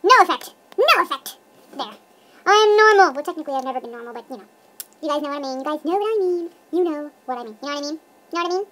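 Squeaky chipmunk-filtered young woman vlogging. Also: very fast. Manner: giddy, goofy, self-mocking rambling. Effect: chipmunk pitch-up voice filter. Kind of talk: casual rambling vlog. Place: her bedroom.

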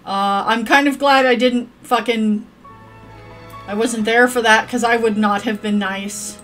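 A woman's voice: fairly high pitch, steady tone, a little slow, fairly bright tone, soft background music. Foul-mouthed woman streaming a game. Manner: crude and profane, bossing her game characters around; rambling, chatting to viewers. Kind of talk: casual gameplay commentary.

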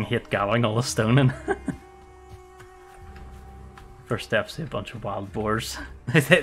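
A man's voice: medium pitch, fairly bright tone. Chatty young man gaming. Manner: chatty, swears at enemies, laughs often. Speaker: gaming streamer. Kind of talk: casual gameplay commentary.

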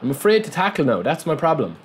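A man's voice: on the high side, quick pace, a little hiss or hum. A man commentating casually on his own football video game match, chatting to viewers and yelping at big moments. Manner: excitable, yelps and shouts at goals, chatty asides to viewers. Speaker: gameplay commentator. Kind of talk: casual let's-play commentary.

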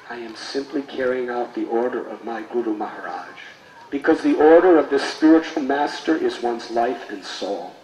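A man's voice: mid-range voice, normal speed, darkish tone, natural voice. A meek, devoted servant-scholar, spoken by a man in close to his own voice. The delivery is plain and humble, in a roomy space with faint noise behind.

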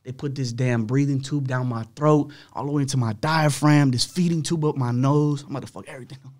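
Podcast guest, young man, slightly rough voice, animated casual storytelling that acts out the dialogue. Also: mid-range voice, fairly quick.

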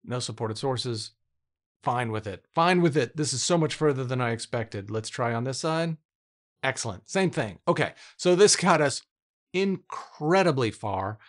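A man's voice: mid-range voice, lively intonation, moderate pace. Enthusiastic man thinking aloud on screen. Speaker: tech YouTuber testing AI coding tools. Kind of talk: casual screen-recorded commentary.

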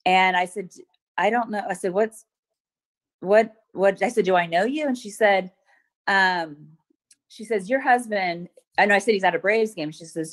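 A middle-aged woman testifying at a court hearing over a video call, retelling events hesitantly with many pauses and ums. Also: mid-range voice. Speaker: witness testifying at a protective order hearing.

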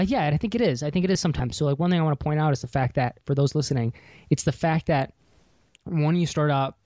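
Man, podcast host, quick rambling delivery, dry close sound. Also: medium pitch, darkish tone, dry recording. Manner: rambling, lots of restarts and fillers; self-described introvert. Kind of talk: conversational interview.

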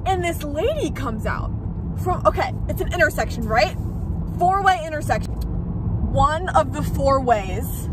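A woman vlogger telling a rambling, excitable story while driving, with many fillers. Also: high voice. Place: inside a moving car. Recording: loud car road noise.

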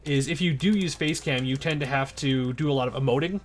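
A man's voice: mid-range voice, a little fast, faint music behind. A man commentating his own gameplay, chatty and out of breath, muttering orders and counting under his breath. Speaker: gaming YouTuber. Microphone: desk mic with face cam.

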